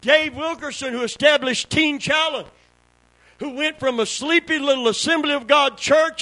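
A man's voice: very high voice, moderate pace, sharp tone, no echo, rough recording. A man with a Southern American accent preaching a sermon to a small congregation, calling for responses and telling folksy stories that build to fervent peaks. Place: church before a small congregation.

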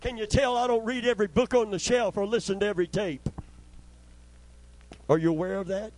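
An older male preacher delivering a sermon, his voice sitting a little high for a man. He moves from quiet storytelling into fervent, rising calls, asking the church for amens. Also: steady tone, brisk, poor audio.

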